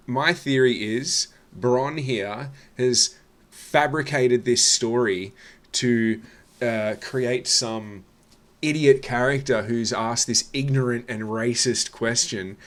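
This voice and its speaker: A man reviewing comedy sets in a dry, sarcastic, mocking reaction commentary. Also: mid-range voice.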